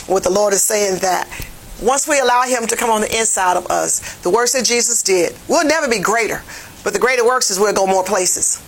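A woman Bible teacher preaching a lesson in a fervent, plain-spoken way, her voice swelling to near-shouts. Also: a little high, moderate pace, breathy edge, low-quality recording. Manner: folksy, plain-spoken phrasing. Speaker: jail ministry Bible teacher.

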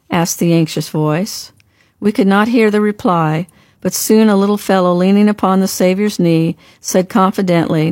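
A woman narrating a devotional story in a calm, reverent, measured audiobook reading. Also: medium pitch, no echo, clean studio sound.

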